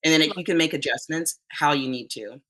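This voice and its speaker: A woman talking as a podcast guest in a relaxed interview, chatty and often quoting herself. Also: sits low, fairly quick, poor audio. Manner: chatty, quotes herself often, frequent restarts. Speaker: podcast guest, fitness competitor. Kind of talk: casual interview chat.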